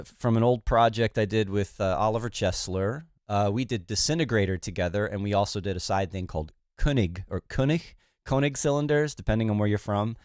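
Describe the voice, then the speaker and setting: Casting: male livestream host, lowish congested voice, laid-back and rambling, dry close mic, faint music under. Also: smooth, dry recording. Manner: relaxed, rambling, many fillers. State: congested, recovering from illness. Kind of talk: casual livestream chat.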